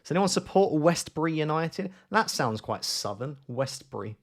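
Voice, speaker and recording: A man's voice: a little high, very animated, moderate pace. Chatty man thinking aloud. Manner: chatty, rambling, self-mocking, thinks aloud with many fillers. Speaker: streamer. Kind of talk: casual live-stream commentary while playing a map guessing game.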